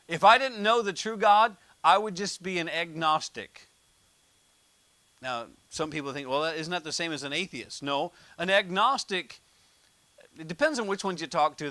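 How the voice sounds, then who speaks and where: Joking American preacher, bright and dry. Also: male voice, fairly high pitch, expressive, normal speed, dry recording. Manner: conversational, jokey preaching with told anecdotes. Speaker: pastor. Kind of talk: sermon.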